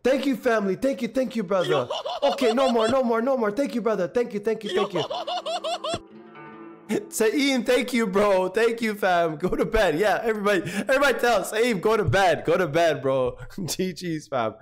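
A hoarse young man streaming a game live, chatting excitably and slangily with his viewers. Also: sits high, normal speed, music in the background. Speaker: gaming streamer. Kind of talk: live gameplay commentary. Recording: noisy stream audio with clicks.

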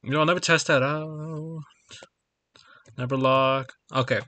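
A man's voice: a little high, steady tone, a little slow, bright, forceful tone, no room sound. A man chatting casually on a game livestream, rambling and chuckling as he sorts out technical problems. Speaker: gaming streamer.

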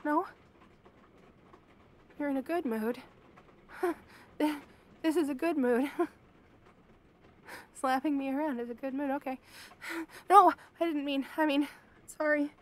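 A woman's voice: high voice, measured pace, long pauses, fairly bright tone. A young woman acting a frightened captive in an audio drama, stammering and pleading. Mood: nervous, placating. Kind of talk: audio role-play.

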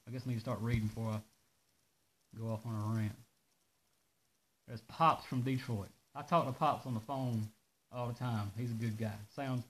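A man talks casually on a live stream, launching into animated rants in his mid-range voice. His delivery is loose and drawling, with a faint hiss underneath the recording. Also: medium pitch, rough recording. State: out of breath. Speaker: host of a live parts-shop video.

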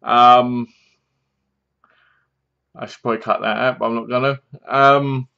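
A young man talks through a film in a loose, rambling review, often stopping to correct himself. His voice sits at an ordinary middle pitch. The recording is dull and lo-fi, like a simple home setup. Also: flat delivery, unhurried, vocal fry, bright, forceful tone, clean tone. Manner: rambling, self-correcting, acts out characters' lines. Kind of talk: casual spoken film review.

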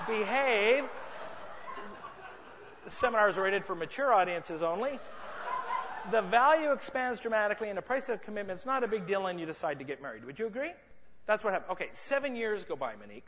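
A man with a high voice gives a playful, joking sales seminar to a live audience in a large conference room. He teases audience members as he talks. The sound is a little muffled and carries a long hall echo. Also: a bit bright. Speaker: sales and marketing speaker. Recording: muffled reverberant hall recording.

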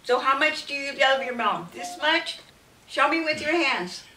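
A woman gently questions children and nudges them along with short prompts. Her voice sits a little high and sounds bright. The sound is roomy and a bit distant from the mic. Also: expressive, unhurried. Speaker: children's ministry interviewer. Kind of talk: casual interview with children. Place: church room.

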